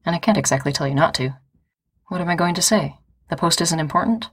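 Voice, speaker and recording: A woman's voice: lowish voice, quick pace, a bit bright, breathy edge. A woman reading the part of an earnest young man in charge of the carriers, hesitant and a little stammering. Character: young man, postal chief, warm and earnest.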